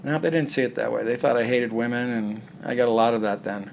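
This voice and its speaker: Man, gravelly voice, comic artist guest, blunt and profane, acts out dialogue, faint hiss. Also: mid-range voice, steady tone, quick pace. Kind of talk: casual shoot interview.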